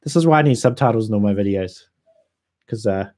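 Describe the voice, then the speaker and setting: A young man with a New Zealand accent, hosting a casual livestream and chatting through viewer comments in a relaxed way with frequent ums. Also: lowish voice, brisk. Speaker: whisky YouTuber hosting a livestream.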